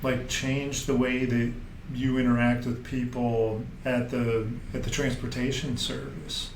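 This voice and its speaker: A man's voice: mid-range voice, little pitch movement, a little slow. A man hosts a casual interview, feeling his way through his questions and rephrasing them as he goes. His voice sounds roomy, with a light background hiss. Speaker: podcast host. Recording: roomy with faint noise.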